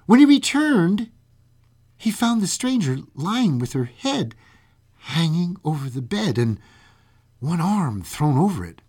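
Radio host, ghost story reading, lively dramatic pitch, slow unhurried delivery. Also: husky. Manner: theatrical, lively, playful spooky asides. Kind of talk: dramatic reading of a classic tale.

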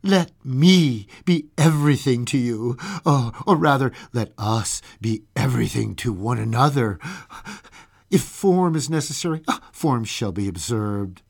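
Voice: mid-range voice, animated, unhurried, gravelly, darkish tone, pitched below the performer's own voice. A radio reader voicing a desperate young male student who pleads and then cries out in terror. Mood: tender pleading.

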